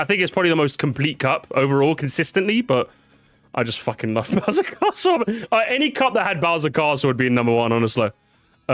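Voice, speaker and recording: A man's voice: mid-range voice, a bit bright, no room sound. A tired man chatting casually on a live stream, repeating words, swearing and reacting to his chat.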